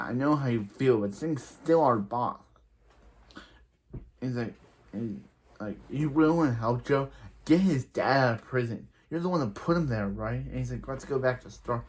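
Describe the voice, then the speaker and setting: Guy rambling thru a tv episode recap, lots of so yeah and restarts. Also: medium pitch. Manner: rambling, halting, many restarts and fillers. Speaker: show reviewer.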